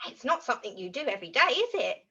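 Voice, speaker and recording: A woman teaching French words to young children in an animated, sing-song way, modeling each word for the children to repeat. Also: on the high side, fast, slightly rough. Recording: dull lo-fi audio.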